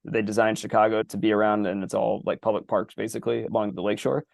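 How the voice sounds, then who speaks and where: A man's voice: fairly low pitch, fairly even intonation, quick pace, gravelly, darkish tone, dry recording, studio quality. A man co-hosting a podcast, talking casually in a rambling, profane, loose way. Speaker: podcast co-host.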